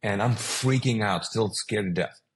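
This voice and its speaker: A man's voice: fairly low pitch, normal speed. A middle-aged man whose first language is Urdu, telling a personal story as a guest and acting out the dialogue in it.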